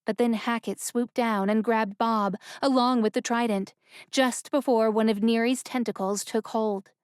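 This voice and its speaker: A woman narrating a fantasy audiobook in a steady, even storytelling manner. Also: fairly high pitch, measured pace, clean tone, dry recording, studio quality. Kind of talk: scripted narration.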